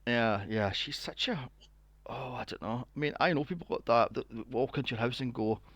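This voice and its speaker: A man co-hosting a podcast, recapping a film in casual chat, animated and swearing freely. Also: mid-range voice, fairly quick, dry recording. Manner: animated, swears freely, acts out quotes in a mocking voice. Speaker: podcast co-host.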